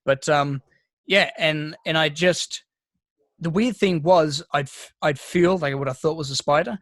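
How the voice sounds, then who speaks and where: Aussie guy, kinda high voice, rambly and sweary, dead dry sound. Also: unhurried, a bit bright, dry recording. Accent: Australian. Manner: rambling, swears a lot, restarts sentences. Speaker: podcast co-host. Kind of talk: casual chat.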